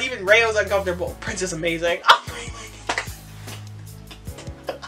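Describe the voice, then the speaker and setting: A woman reacting live as she reads a comic aloud, excitable and foul-mouthed, breaking into laughs and shrieks. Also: medium pitch, normal speed, pauses often, faint music behind. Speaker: manga reader reacting live. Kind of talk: casual reaction read-along.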